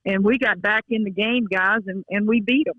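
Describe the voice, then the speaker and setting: Over a dull, dry phone line, a middle-aged basketball coach with a Louisiana accent speaks emotionally as a guest. Her mid-range voice holds a steady tone at normal speed with a breathy edge, and her heartfelt, folksy talk includes many restarts.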